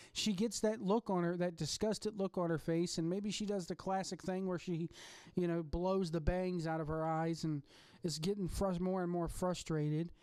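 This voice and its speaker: This podcast host rants in a loose, rambling monologue from home late at night, getting excitable and swearing freely along the way. The voice is mellow and dark in tone. It sits close and dry, with no room around it. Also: mid-range voice, smooth, no room sound. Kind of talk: casual ranting monologue.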